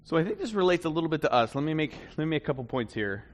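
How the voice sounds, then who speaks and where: A man preaching a conversational sermon, swinging between loud bursts and hushed asides. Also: on the high side, sing-song, very fast. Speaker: pastor.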